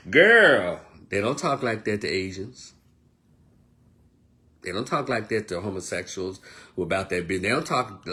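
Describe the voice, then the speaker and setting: Man, online commentator, casual rant, profane, blunt, animated delivery. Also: lowish voice. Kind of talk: casual ranting monologue.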